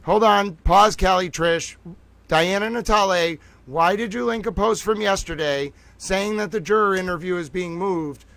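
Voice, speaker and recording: A man hosting a live stream, talking in a theatrical, excitable way, piling up exclamations and repeating himself. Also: sits high, moderate pace, gravelly. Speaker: livestream host.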